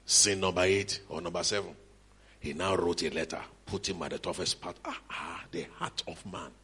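A middle-aged man with a Nigerian accent preaching a lively sermon at a church conference, shouting at times and slipping into Yoruba asides. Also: deep voice, moderate pace, slightly rough.

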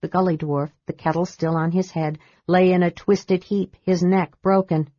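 A woman's voice: lowish voice, steady tone, normal speed, mellow, dry recording. Woman narrating a fantasy audiobook. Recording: dull dry recording.

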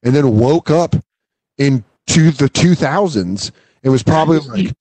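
A man's voice: mid-range voice, lively intonation, unhurried, warm tone, no echo. A man chatting loosely as a comedy podcast host. He riffs on a clip with jokey asides. The sound is close and dry, with no room around it. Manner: riffing, doing mocking voices of a character. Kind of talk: casual comedic chat reacting to a video.

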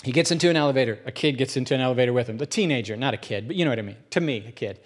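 A middle-aged man preaching a conversational sermon as a pastor, an animated storyteller who acts out voices. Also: mid-range voice, racing.

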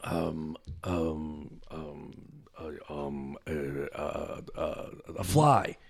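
A man in a casual group chat, stalling with long drawn-out fillers and tossing in blunt, crude jokes. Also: rumbling low, fairly even intonation, vocal fry. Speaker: podcast co-host.

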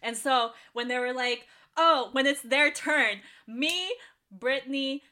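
A woman in casual chat, telling a story in an excited, hurried way. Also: sits high.

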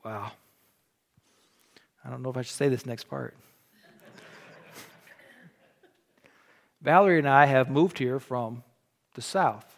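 A man's voice: mid-range voice, slow pace, creaky, long pauses. A middle-aged man from Illinois preaching a sermon in a church, telling stories with jokes and frequent restarts. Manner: folksy, joking, animated storytelling with repeated restarts. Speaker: pastor.

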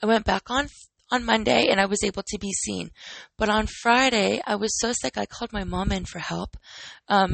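Woman in her 30s, podcast host and trainer; candid chatty monologue with rhetorical questions, slightly husky. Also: medium pitch, no echo, rough recording. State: recovering from illness.

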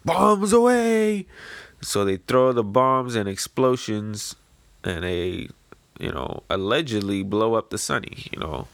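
A man casually reviewing a manga chapter, rambling in a relaxed way. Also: lowish voice, unhurried, vocal fry, dry recording. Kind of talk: casual chat.

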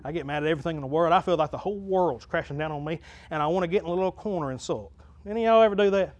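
A man preaching a sermon to his congregation in a church, folksy and plain-spoken, building to loud crescendos and dropping back to a low talk. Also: racing, few pauses. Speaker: pastor. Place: church sanctuary.

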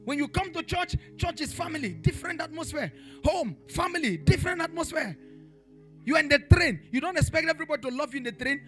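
A man's voice: extremely high pitch, lively intonation, brisk, soft background music. A male pastor preaching a sermon in church, emphatic and repetitive, with rhetorical questions and bursts of tongues. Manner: preaching with rising shouted passages and speaking in tongues. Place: church in Pretoria.

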